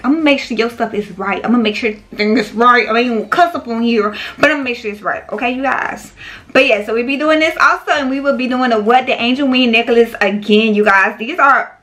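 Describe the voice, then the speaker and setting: A woman's voice: on the high side, fairly quick, fairly bright tone. A woman running a small business, chatting casually to her viewers, calling them "y'all" and "baby". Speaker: small business owner and vlogger.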